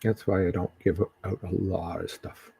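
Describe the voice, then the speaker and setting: A man giving psychic readings on a live stream in a halting, casual way, with many ums and restarts. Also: deep voice, level tone, creaky, mellow, slightly rough.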